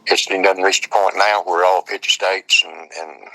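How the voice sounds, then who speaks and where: Store owner guy, super deep and monotone, just telling it straight. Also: normal speed, creaky, dry recording, low-quality recording. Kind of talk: casual interview.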